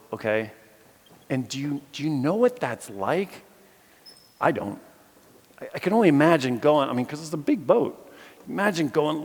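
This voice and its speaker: A man preaching a lively sermon, acting out the voices in the story as he tells it. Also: mid-range voice. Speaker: philosophy teacher giving a chapel message. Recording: echoey hall with long reverb.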